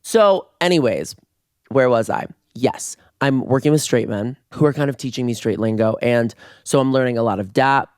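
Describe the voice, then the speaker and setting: A man hosting a casual solo podcast, playful and campy, breaking into screams, his voice going hoarse. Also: medium pitch, moderate pace, no room sound, clean studio sound. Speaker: podcast host. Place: residence room in Toronto. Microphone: podcast mic on video.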